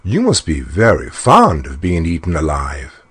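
A man's voice: a bass voice, huge pitch swings, a little slow, slightly rough, full character voice. A man reading a fairy tale aloud and voicing a smug, greedy little male dwarf with a sly, disdainful manner. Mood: mocking. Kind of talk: storybook narration.

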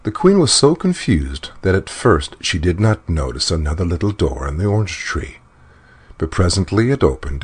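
Deep-voiced husky male storyteller. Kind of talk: storybook narration.

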